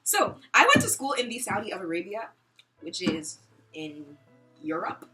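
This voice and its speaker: A woman's voice: wildly swooping pitch, moderate pace, pushed and bright, faint music behind. A young woman telling a school story in a casual vlog, dramatic and imitating her teacher. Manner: dramatic, swoops in pitch, mimics teacher. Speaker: vlogger.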